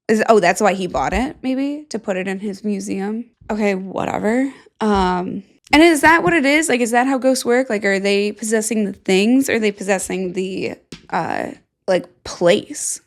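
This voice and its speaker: A young woman hosting a podcast, chatting casually in a rambling, filler-heavy way with offhand swearing. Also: medium pitch. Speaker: podcast host. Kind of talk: casual solo chat.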